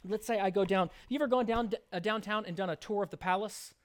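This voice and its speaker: A man's voice: high voice, quick pace. A man preaching a sermon, earnest, shifting into chatty asides and playful acted examples. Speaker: pastor.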